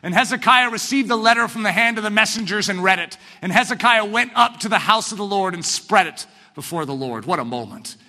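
A man preaching a sermon in an animated way, swinging from shouts to hushed tones. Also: sits high, a little fast, few pauses, big-room sound.

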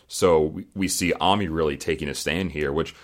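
A man's voice: a bass voice, normal speed. A man hosting a casual podcast recap, chatty, laughing often and swearing casually. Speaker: podcast host recapping a reality show. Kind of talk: casual chat.

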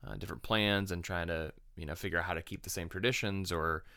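A man's voice: deep voice, fairly even intonation, quick pace, sharp tone, clear, resonant tone, no room sound, studio quality. A young adult man with a Texan accent, a guest singer-songwriter chatting in an easygoing way in an interview. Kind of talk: casual interview chat.

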